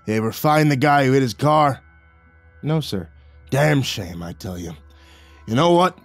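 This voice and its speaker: A man doing a gruff, heavy-set boss. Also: medium pitch, expressive, a little slow, dry recording, soft background music. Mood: blunt. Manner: blunt, coarse, loud.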